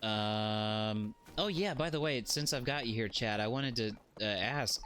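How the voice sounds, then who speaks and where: A man's voice: mid-range voice, unhurried, creaky, few pauses, a bit bright, a little hiss or hum. A man streaming a game live, rambling in a jokey way, swearing freely and chatting to his viewers.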